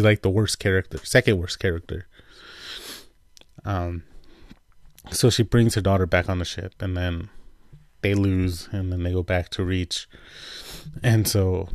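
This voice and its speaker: A man with a notably low, deep voice recaps a TV episode in a loose, chatty way, leaning on fillers and acting out characters' lines in quick voices. The sound is dry and close, with no room echo. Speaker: show reviewer.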